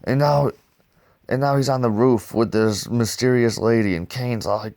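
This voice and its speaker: A man casually reviewing comic books in a loose, slangy, excitable way. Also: mid-range voice, normal speed.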